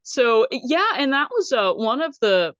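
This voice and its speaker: A woman's voice: a little high, sing-song, a little slow, fairly bright tone, no room sound, lo-fi sound. A woman co-hosting a casual podcast chat, upbeat and laughing often. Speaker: co-host.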